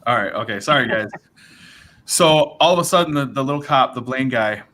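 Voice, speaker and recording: A man's voice: mid-range voice, fairly quick. A man on a live stream telling a personal story in a casual, rambling way, tossing in "right?" and "bro" as he goes. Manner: rambling, animated, acts out dialogue with fillers like right and bro. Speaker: livestream host telling his sobriety story.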